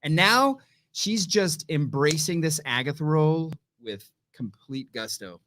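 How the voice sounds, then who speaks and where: A man co-hosting a casual chat show, animated and playfully critical. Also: a little high, a little slow. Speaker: podcast co-host.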